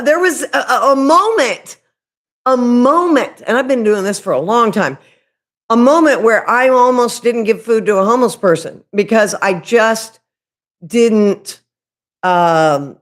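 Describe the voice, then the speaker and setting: A woman hosting a casual spiritual livestream, talking loudly and candidly, rambling and restarting her sentences and swearing casually. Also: a little high. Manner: loud, chatty, rambling with frequent restarts. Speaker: livestream host.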